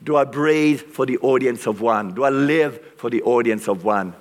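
A man preaching a sermon with passion and dramatic pauses, his voice strained from use. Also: medium pitch, vocal fry. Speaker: pastor. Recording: long reverb of a large hall.

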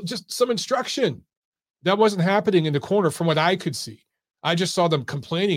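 A man hosting a casual solo boxing talk stream, blunt and animated, swearing freely while he breaks down fights and reads viewer questions. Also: on the high side, dry recording, studio quality. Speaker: boxing commentator and channel host. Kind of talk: casual solo commentary livestream.

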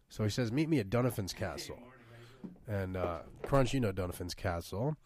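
A man hosting a podcast, chatting casually and telling an excitable story. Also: sits low, fairly quick. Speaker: podcast host. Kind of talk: casual chat.

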